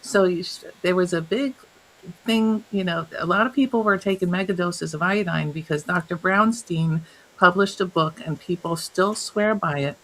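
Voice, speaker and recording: A woman guest, a health coach, telling stories in an interview, animated and laughing often as she acts out what others said. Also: on the low side, normal speed, low-quality recording. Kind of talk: storytelling in an interview.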